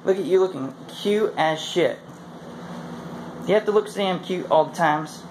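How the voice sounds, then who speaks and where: A man's voice: high voice, moderate pace, background noise. A man chatting crudely and joking while playing with his cat at home. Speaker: cat owner. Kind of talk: casual home video chat.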